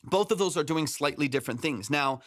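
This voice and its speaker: A man's voice: fairly high pitch, expressive, fairly quick, fairly bright tone. A man hosting a live music-production stream, explaining mixing with examples and many fillers, through a close, compressed studio mic. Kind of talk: live stream feedback chat.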